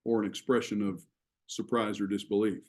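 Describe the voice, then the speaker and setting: A man teaching a class on writing, explaining ideas in a measured way with frequent pauses. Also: on the low side, little pitch movement, darkish tone. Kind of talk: classroom lecture.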